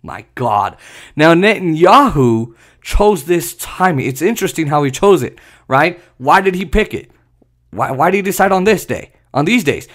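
A man hosts a solo podcast, talking in a heated, sarcastic rant. His voice sits a little higher than most men's, and he mocks the other side with scornful asides. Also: very animated, moderate pace, fairly bright tone. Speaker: podcast host. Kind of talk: solo political commentary podcast.

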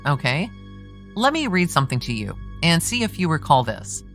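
A persistent male defense attorney cross-examines a witness, read aloud by a woman. The voice sits low and keeps up steady pressure with leading, tag-ended questions. Faint music runs underneath. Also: normal speed. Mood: pressing. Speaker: true crime podcast host. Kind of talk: reading a trial transcript aloud.

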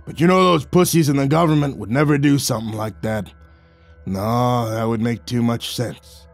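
Gruff, blunt heavy-set boss from a horror audio story, loud and coarse, played by a male narrator. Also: medium pitch, moderate pace, no room sound, faint music behind, close to an everyday voice.

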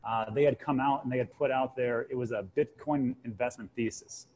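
Fast-talking animated man in his forties. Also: medium pitch, poor audio. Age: 40s. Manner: animated storyteller, acts out quotes. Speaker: guest co-host, crypto channel host. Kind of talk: casual panel chat.

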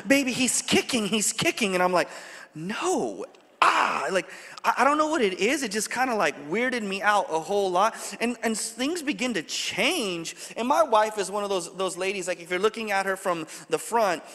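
A man preaching a sermon as a pastor, telling stories in a quick, halting way full of restarts. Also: high voice, lively intonation, pushed and bright, big-room sound. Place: church sanctuary.

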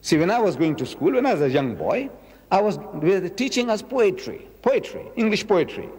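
A man in his seventies giving a public religious lecture, emphatic, repeating key words and slowing down to quote verses. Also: high voice, sing-song, a little mellow, breathy edge, big-room sound. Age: 70s.

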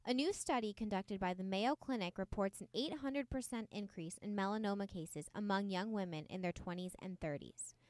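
A teenage girl anchoring a school news broadcast, reading her script in a steady, measured way. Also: medium pitch, no room sound. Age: teens.

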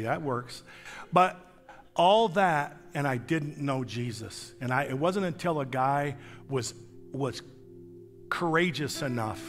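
A man in his sixties, a guest pastor preaching a sermon with a personal testimony, telling his story in an animated way with self-deprecating humor. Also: on the high side, big-room sound. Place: church sanctuary.

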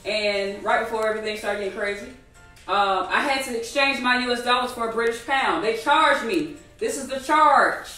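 A woman teaching a live online trading class, animated and repetitive, asking the audience many rhetorical questions. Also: on the high side, moderate pace, reverberant, recorded from a distance, soft background music, poor audio. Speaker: trading instructor.

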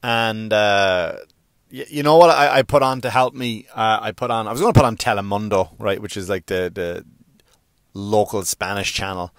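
A middle-aged man doing a stand-up monologue, swearing freely and jumping into high voices to act out characters. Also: normal speed, dry recording. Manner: animated, swearing, acts out characters with sudden pitch jumps. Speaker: stand-up comedian.

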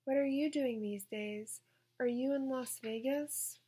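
A woman's voice: high-pitched, measured pace, warm tone, breathy edge. A woman voicing a whiny young woman training to become a nun.

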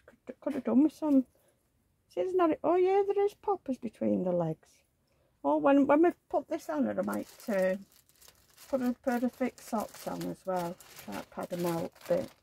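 Gravelly, husky chatty woman vlogger. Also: on the high side, very animated, normal speed, dark tone, no room sound. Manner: rambling, chatty, coos at dolls. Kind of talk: casual chat.

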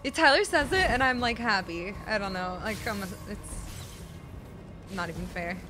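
A young woman streaming a video game, chatting with her viewers, swearing and yelling at the game, then apologizing and teasing herself. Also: medium pitch, expressive, normal speed, over music. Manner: self-mocking, teasing chat. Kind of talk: casual live gameplay commentary to chat.

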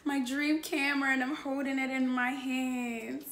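A woman's voice: sits high, level tone, a little slow, fairly bright tone. A woman in her late twenties unboxing a new camera in a vlog, gushing and exclaiming as she goes, recorded indoors. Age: 20s. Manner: gushing, exclaims often, laughs between remarks. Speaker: YouTuber. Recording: echoey room with faint noise.

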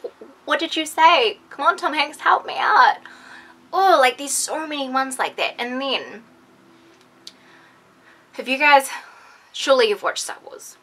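A young woman chatting excitedly to her viewers in a casual vlog, full of "like" and quick asides. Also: sits high. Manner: excitable, animated, lots of "like". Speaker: beauty vlogger.

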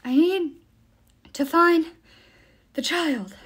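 A woman's voice: high-pitched, very animated, normal speed, pitched above the performer's own voice. A woman reading aloud and voicing a frantic, out-of-breath male satyr-like spirit. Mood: panting.

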